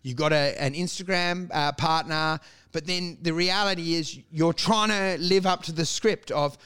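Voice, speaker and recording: A man's voice: a little high, moderate pace, pushed and bright, clear, resonant tone. An Australian man co-hosting a podcast, ranting and mocking with lots of swearing and laughter. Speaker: podcast co-host. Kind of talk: crude comedic podcast chat.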